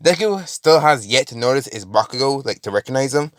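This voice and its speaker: Man, casual rambling storyteller, lots of fillers, bright voice. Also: mid-range voice, lively intonation, brisk, no room sound, clean studio sound. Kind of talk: casual retelling of a fan story.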